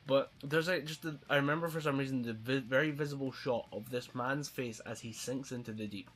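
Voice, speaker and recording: A man co-hosting a podcast in casual chat, animated and joking, swearing freely. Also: medium pitch, a little fast. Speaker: podcast co-host.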